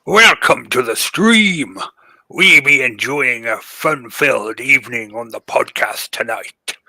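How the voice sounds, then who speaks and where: A man's voice: mid-range voice, lively intonation, takes it slowly, vocal fry, pushed and bright, no room sound, full character voice. A man voicing a hearty male pirate who greets viewers in a drawling sea-dog way. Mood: boisterous.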